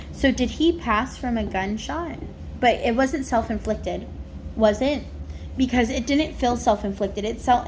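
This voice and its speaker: Chatty woman, slightly high voice. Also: a little mellow, a little hiss or hum. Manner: chatty, rambling, many fillers. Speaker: psychic medium. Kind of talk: casual spirit reading on camera.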